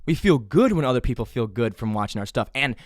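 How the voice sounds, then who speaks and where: A man's voice: medium pitch, very animated, fast talker, no echo, clean studio sound. A young man hosting his own podcast, talking casually in a rambling way, swearing often and mocking himself in a whiny voice. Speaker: podcast host. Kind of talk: casual solo podcast monologue.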